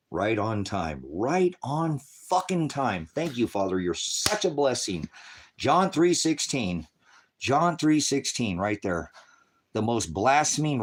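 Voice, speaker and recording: A man preaching on a livestream, berating viewers in his chat with constant profanity and swinging between shouting and muttering. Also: sits low.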